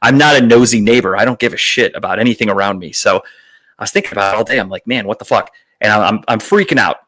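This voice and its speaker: A man's voice: lowish voice, expressive, quick pace, pushed and bright. A young adult man from Northeast Ohio, host of a podcast, telling a rambling, self-deprecating story in casual talk, swearing often. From Northeast Ohio, USA.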